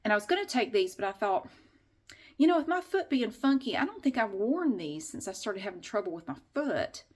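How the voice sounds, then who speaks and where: A woman's voice: medium pitch, very animated, a little fast. A middle-aged woman vlogging in a casual, rambling way, frank and chatty, often restarting her sentences and swearing mildly. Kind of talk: casual vlog chat.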